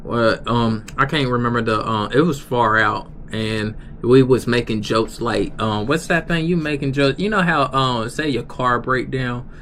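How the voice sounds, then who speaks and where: A man's voice: mid-range voice, a little slow, hardly any pauses, a bit bright, slight background noise. A young man streaming live, telling a story in a rambling way with lots of restarts. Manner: rambling, many restarts and fillers. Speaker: livestreamer. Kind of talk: casual storytelling.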